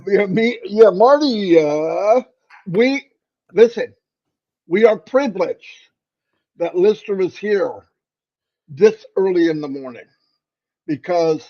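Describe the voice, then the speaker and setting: A man's voice: sits high, expressive, takes it slowly, pauses often. Playful man teasing on a video call. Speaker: livestream co-host. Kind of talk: casual livestream chat. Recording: muffled video-call audio.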